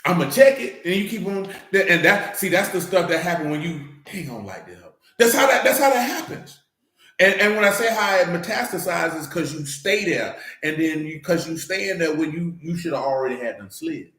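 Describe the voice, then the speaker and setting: Animated preacher in an echoey church. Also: male voice, a little high, moderate pace. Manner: emphatic, conversational, addresses congregation directly. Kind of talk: informal church teaching.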